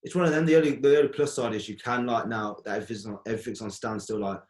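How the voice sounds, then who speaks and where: A man's voice: fairly low pitch, fairly even intonation, rapid-fire, a little mellow, slight background noise. A young man chatting casually, telling stories animatedly and full of slang, as a member of a music collective. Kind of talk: casual conversation.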